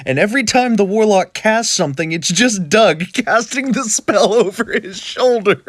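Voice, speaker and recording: A man with a slightly high voice that swings widely as he runs through a comic list of character ideas. He laughs often between items. The delivery stays playful and amused throughout. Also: a bit bright, dry recording. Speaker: comedy skit creator.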